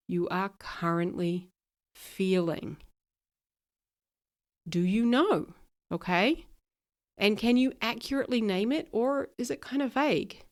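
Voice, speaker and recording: A woman hosting a casual solo podcast as an ADHD coach, talking directly to her listeners in a chatty way and laughing at herself, her voice a bit worn from being ill. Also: medium pitch. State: recovering from illness, little voice.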